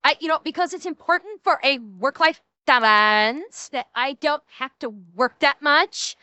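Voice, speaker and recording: A woman voicing a whiny, entitled young woman with a Valley Girl accent, in a mocking, drawn-out way. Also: sits high, pushed and bright, no echo.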